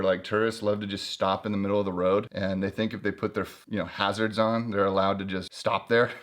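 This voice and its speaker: Man, casual vlog host, fairly low pitch, chatty, joking. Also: fairly bright tone. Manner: chatty and joking, flips through pages. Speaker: host reviewing an old climbing guidebook. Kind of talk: casual book review vlog.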